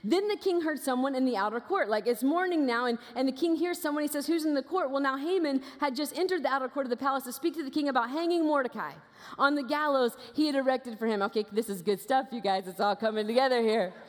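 A woman guest preacher giving a sermon as lively, conversational storytelling in a church auditorium. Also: sits high, quick pace. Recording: long reverb of a large hall.

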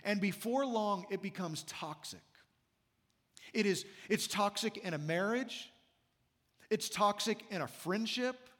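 Man, senior pastor, sermon, emphatic, repeats key phrases, high voice, church hall reverb. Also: slow, a bit bright.

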